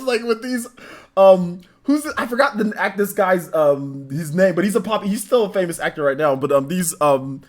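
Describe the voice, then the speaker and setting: A man in his thirties hosting a gaming show, chatting casually and animatedly and laughing often. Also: high voice. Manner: animated, laughs often, drawn-out filler words. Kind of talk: casual streamed chat.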